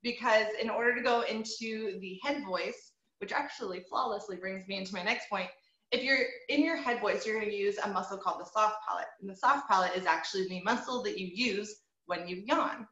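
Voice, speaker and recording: A woman encourages her online voice students and explains by demonstrating, modeling owl hoots and bird sounds for the group. Her mid-range voice runs a little fast and sounds bright and forceful. The echoey, dull recording has a lo-fi call feel.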